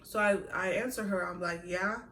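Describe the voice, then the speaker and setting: A young woman vlogger telling a story in a casual, animated way, with laughs and asides. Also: medium pitch, moderate pace, a little hiss or hum. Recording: echoey room, a little far from the mic.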